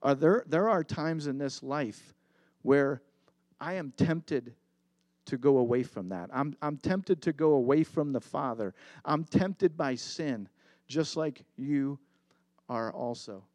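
A man's voice: a little high, slow, a little mellow, no room sound. A middle-aged man preaching a sermon as pastor, earnest and confessional, telling a story with emphatic repetition.

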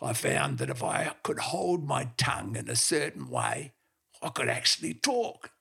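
A man voicing a gruff old male farm dog, boastfully spinning yarns and barking between tales. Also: medium pitch, huge pitch swings, a little slow, sharp tone, heavily acted. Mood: cheerful. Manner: boastful yarn-spinner, barks "boof".

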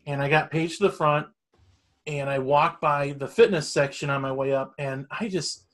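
A middle-aged man telling a long story in casual chat, rambling and swearing freely. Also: on the high side. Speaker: storyteller guest.

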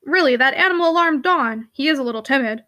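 A proud, blustering gentleman in a period storybook, stiff and defensive as he explains himself away, as a woman reads him. The words come quickly in a high voice. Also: lively intonation.

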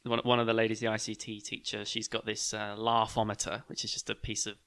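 A man's voice: on the low side, completely flat delivery, quick pace, fairly bright tone. A young man hosting a podcast, telling a story in a rambling, chatty way full of fillers. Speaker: podcast host. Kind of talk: casual storytelling chat.

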